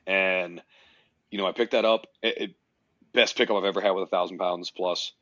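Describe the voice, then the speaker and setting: A man with a very low voice speaks as a podcast guest, emphatic and swearing freely as he tells his story. The sound is dry and a bit muffled, with no room around it. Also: fairly even intonation, normal speed, a bit bright, no echo. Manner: emphatic, swears often, tells stories intensely. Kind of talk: casual podcast conversation.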